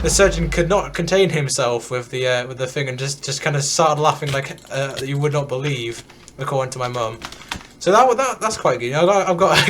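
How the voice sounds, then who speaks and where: A man's voice: fairly high pitch, fairly bright tone, a little hiss or hum. A teenage boy, telling a story in a rambling, casual way while streaming a game. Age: teens. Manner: rambling, many restarts and fillers. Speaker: gaming streamer.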